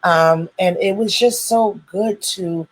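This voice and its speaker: A woman's voice: mid-range voice, slow pace, low-quality recording. A woman hosting her own live stream, greeting viewers over and over in churchy, welcoming phrases. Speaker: host of a live stream show.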